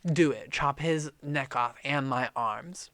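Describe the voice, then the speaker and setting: A man voicing a brave, disobedient young girl from a storybook as she pleads in a high, rushed voice. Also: fairly bright tone, dry recording. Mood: pleading.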